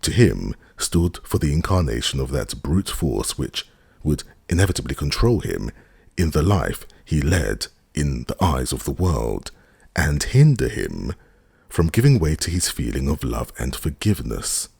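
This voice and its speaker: Very deep, gravelly male narrator. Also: big pitch swings, a little slow, a little mellow, no echo. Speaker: audiobook narrator. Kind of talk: scripted narration.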